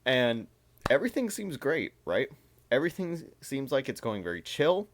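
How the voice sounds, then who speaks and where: A man's voice: mid-range voice, big pitch swings, moderate pace, slight background noise. A man reading texts aloud and commenting on them in a casual, amused reaction video.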